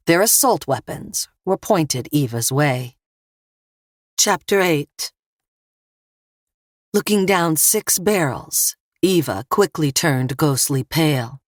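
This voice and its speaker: A woman narrating a thriller audiobook in a measured, steady voice. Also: low-pitched, dry recording, studio quality. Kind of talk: scripted narration.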